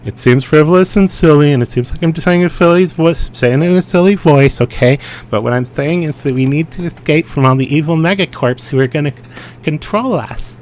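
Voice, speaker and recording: A man putting on a silly, high, exaggerated voice as a joke. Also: fairly quick, darkish tone, a little hiss or hum, natural voice. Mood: mock-urgent. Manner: exaggerated, sing-song. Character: man's silly high mock-serious voice.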